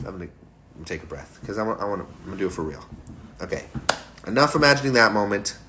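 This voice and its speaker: A man's voice: fairly low pitch, lively intonation, fast, sharp tone. A man, a singer-songwriter hosting a livestream, chatting casually between songs in a rambling way and laughing often. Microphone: phone livestream. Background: piano playing.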